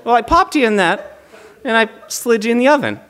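A man's voice: very high-pitched, expressive, brisk, a bit bright, a little hiss or hum, pitched above the performer's own voice. A young man quoting his goofy, cheerfully odd father in a breezy, matter-of-fact way. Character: goofy middle-aged dad, cheerfully odd.

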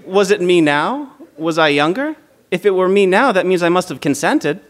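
Wry, high-voiced young man telling a story. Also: expressive, normal speed. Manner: wry, chuckles at his own jokes. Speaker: stand-up comedian. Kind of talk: stand-up storytelling.

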